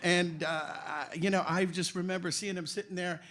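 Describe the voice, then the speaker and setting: A man in his sixties, a voice actor telling stories on a convention panel, animated and joking with a ready laugh. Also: high voice, moderate pace, background noise. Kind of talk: anecdotal panel storytelling.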